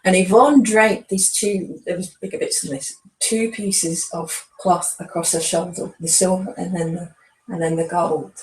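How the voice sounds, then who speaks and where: A woman's voice: fairly low pitch, fairly even intonation, moderate pace, darkish tone. A woman host chatting casually, telling stories and repeating words while she gathers her thoughts. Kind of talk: casual chat. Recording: distant mic in an echoey room with faint ambience.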